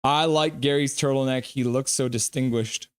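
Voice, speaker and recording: With a clean, medium-pitched voice, fairly even intonation and a moderate pace, the host calls hockey play-by-play on his live stream. Between plays he reads chat and trades jokes with viewers.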